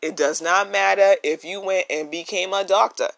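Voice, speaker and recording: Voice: mid-range voice, steady tone, normal speed, creaky, fairly bright tone. A podcast host talking earnestly and emphatically in a casual solo monologue, recorded on a phone with no microphone. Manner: earnest and emphatic, repeats key phrases.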